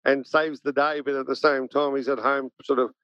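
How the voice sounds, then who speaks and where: A man in casual conversation, a blunt and animated storyteller who swears and laughs easily. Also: mid-range voice, moderate pace, no echo. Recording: dry, dull lo-fi sound.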